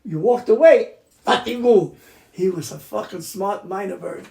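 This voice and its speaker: A man's voice: sits high, lively intonation, moderate pace, creaky, mellow. An older man from New City, telling chatty, profane family stories in a casual interview at home. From New York City. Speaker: interviewee, accordion player. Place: home room in Queens. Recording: roomy room echo.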